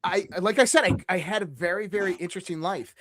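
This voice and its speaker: Gość podcastu, młody mężczyzna o dość wysokim głosie, opowiada żywo i swobodnie, naśladuje dźwięki i często zaczyna zdania od nowa. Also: male voice, sits high, fast talker. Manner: animated storyteller who imitates sounds, with frequent restarts and fillers. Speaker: podcast guest. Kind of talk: casual conversational storytelling.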